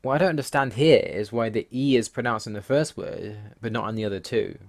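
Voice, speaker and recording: This male host of a language-learning video has a medium pitch, a darkish tone and a slightly quick delivery. Narrating over slides, he works methodically through the language rules, wry and a bit exasperated.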